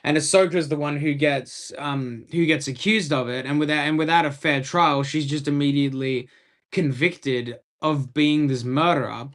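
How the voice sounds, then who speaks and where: A young Australian man talks casually on a live stream from a room in his home. His voice sits somewhat high for a man. He rambles through his points with a fan's enthusiasm. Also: normal speed, a bit bright. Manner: rambling, enthusiastic fan commentary.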